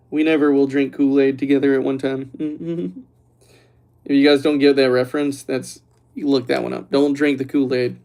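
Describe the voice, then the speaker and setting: A man's voice: medium pitch, level tone, normal speed, gravelly, darkish tone. Joking, teasing male livestream host. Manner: joking, teasing, reads chat aloud. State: relaxed after drinking red wine. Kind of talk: casual livestream chat.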